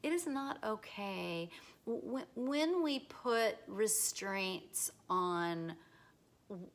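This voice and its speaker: A woman giving a casual talk, acting out short dialogues in lively voices and often repeating herself. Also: mid-range voice, drawn-out words. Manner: acts out little dialogues in bright voices; repeats words, restarts, fillers. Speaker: teacher.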